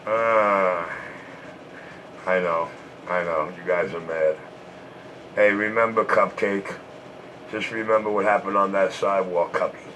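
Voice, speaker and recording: A man's voice: deep voice, fairly even intonation, normal speed, sharp tone, slight background noise, rough recording. A man trash-talking and taunting in a repetitive, boastful way, short of breath from smoking.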